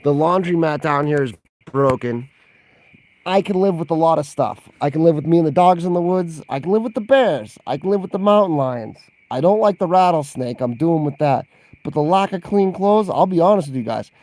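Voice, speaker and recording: A man's voice: fairly high pitch, expressive, a little fast, a little mellow, no echo. A man in a casual livestream Q&A, rambling and chatty, laughing often and reacting to live chat messages. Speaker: vlogger answering viewer questions.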